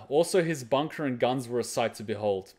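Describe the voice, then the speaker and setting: A man's voice: mid-range voice, expressive, moderate pace, darkish tone. A man hosting a reaction video, talking casually and earnestly about an episode in short repeated phrases.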